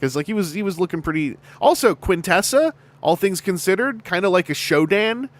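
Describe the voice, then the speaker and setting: A man's voice: high voice, expressive, a little fast. A man hosting a podcast, chatting casually in a rambling, joking way. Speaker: podcast host. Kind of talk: casual chat.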